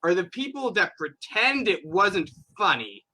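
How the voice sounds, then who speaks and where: A podcast host with a bright, forceful, somewhat high voice talks in a heated, profane way. He presses his points hard and sounds loose and off the cuff. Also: very animated, a little slow. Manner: emphatic, profane ranting. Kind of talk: casual opinion chat.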